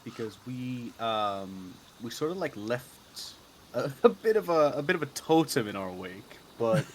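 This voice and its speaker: A man's voice: mid-range voice, big pitch swings, a little slow, slight background noise. A man playing a tabletop game, talking casually and hesitantly with many fillers. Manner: hesitant, filler-heavy planning talk. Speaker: player. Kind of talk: casual chat.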